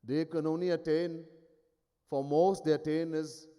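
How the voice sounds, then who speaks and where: A man's voice: a little high, little pitch movement, measured pace, warm tone, clean tone. Man preaching in a reverberant hall. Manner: storytelling, emphatic, wry. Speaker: swami, spiritual teacher. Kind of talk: sermon. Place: ashram hall.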